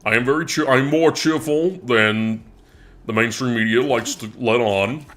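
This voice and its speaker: A man doing a comedic impression of an older male politician who swings between yelling and quick muttering. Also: mid-range voice, lightly acted. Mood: gruff.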